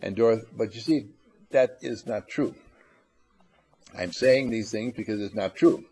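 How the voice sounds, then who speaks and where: A man giving a spiritual lecture to a live audience, animated and teasing, acting out little scenes as he goes. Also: lowish voice, measured pace, breathy edge. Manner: animated, acts out little scenes in funny voices; coaxes and teases the audience. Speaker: motivational speaker.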